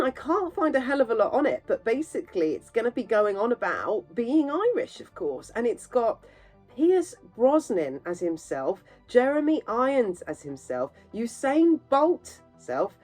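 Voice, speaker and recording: A woman's voice: fairly high pitch, a little mellow, rough recording. A woman hosting a casual film news roundup, chatty and opinionated, with plenty of asides to her viewers. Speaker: movie news host.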